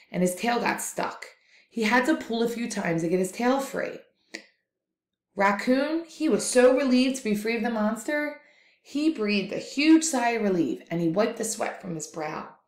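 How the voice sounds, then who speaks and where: Lively storytelling woman in an echoey room. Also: medium pitch. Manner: expressive, lively read-aloud. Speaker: teacher. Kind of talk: storytelling for a lesson.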